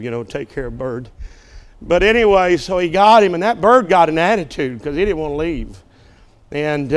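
A male preacher at a church service who tells a joke from the pulpit and calls out to the congregation in a folksy, joking way. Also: fairly high pitch. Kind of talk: sermon with a told joke.

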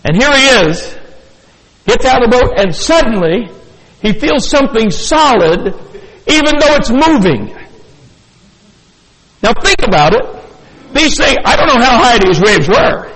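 An older man preaching a sermon, animated, acting out the story and chuckling as he goes. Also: extremely high pitch, a little slow, long pauses. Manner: animated, acts out scenes, chuckles often. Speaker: pastor. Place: church sanctuary. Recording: reverberant church hall.

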